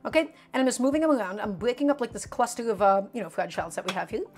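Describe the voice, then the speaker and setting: Brooklyn-accented woman streamer, R sounds don't land, higher voice, chatty with viewers, faint music underneath. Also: animated, rapid-fire, a little mellow. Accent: Brooklyn New York. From Brooklyn, New York. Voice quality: cannot pronounce R sounds. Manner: chatty, talks directly to viewers. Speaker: cooking streamer. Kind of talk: casual live cooking stream, chatting with viewers.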